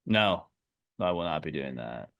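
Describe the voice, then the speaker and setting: A man hosting a podcast with joking, rambling talk and deadpan asides, reading listener questions. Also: rumbling low, unhurried, lo-fi sound, background noise. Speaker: podcast host. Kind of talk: casual podcast banter.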